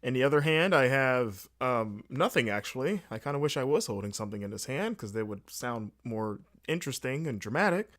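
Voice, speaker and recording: Man, solo podcast host, casual rambling, very lively pitch, middle register, jokey. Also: brisk, hardly any pauses. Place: indoors, late at night.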